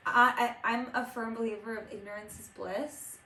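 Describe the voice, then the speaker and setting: A woman's voice: on the high side, steady tone, normal speed, sharp tone. A young woman co-hosting a podcast, laid-back with short replies and dry jokes. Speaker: podcast co-host. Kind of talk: casual chat. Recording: echoey room, mic at a distance.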